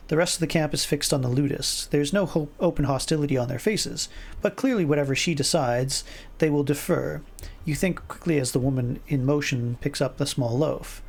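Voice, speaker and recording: Gravelly man reading a text game aloud. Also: on the high side, moderate pace. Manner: stumbles and rereads words, chuckles, puts on voices for lines. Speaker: streamer reading an interactive fiction game.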